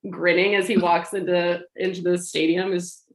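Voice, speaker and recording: A woman with a slightly low voice tells a rambling story, animated, laughing and acting out the lines of the people in it. Her voice rings in a roomy space. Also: moderate pace. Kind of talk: casual storytelling chat. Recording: roomy echo.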